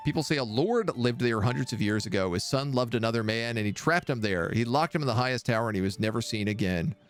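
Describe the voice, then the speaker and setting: A man's voice: mid-range voice, expressive, fast, faint music behind, natural voice. A man voicing a drunk tavern patron who insists on a ghostly tale, in a slurred, indignant manner. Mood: insistent.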